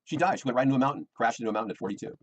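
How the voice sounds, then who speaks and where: A man's voice: medium pitch, very fast, a little hiss or hum, poor audio. A middle-aged American man, rambling and defensive, repeating himself as he complains about his personal life. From United States.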